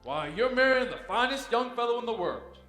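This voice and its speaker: A teenage boy playing a calm father soothing his daughter in a high school stage play. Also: a little fast, faint music behind, exaggerated voice. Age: teens. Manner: soothing, reassuring. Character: steady father of the bride. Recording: echoey auditorium stage.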